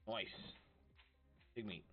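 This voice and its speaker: A man in his thirties chatting casually while playing a game on stream, thinking aloud and joking at himself. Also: slow pace. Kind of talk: casual gameplay commentary. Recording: dull lo-fi stream audio with faint music.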